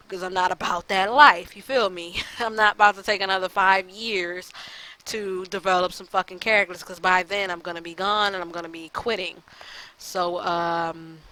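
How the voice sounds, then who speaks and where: A woman with a lowish, forceful, bright voice rants to her viewers, fed up and upset. She talks bluntly and swears freely, stumbling over fillers as she vents. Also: rough recording. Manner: frustrated, blunt and profane, with many fillers. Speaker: gaming YouTuber. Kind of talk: casual rant to the camera.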